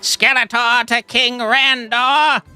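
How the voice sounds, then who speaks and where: A man's voice: very high voice, flat delivery, takes it slowly, bright, forceful tone, soft background music, pitched above the performer's own voice, heavily acted. A man doing a nasal skeleton villain impression. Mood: sneering.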